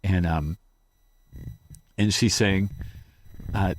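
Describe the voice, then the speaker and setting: A man telling a grieving personal story as an interview guest, halting and acting out his own past words in quotes. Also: low voice, darkish tone.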